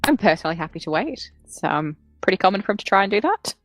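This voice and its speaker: A woman playing a tabletop game, playful and quick to laugh. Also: medium pitch, very animated, no echo, soft background music. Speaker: player.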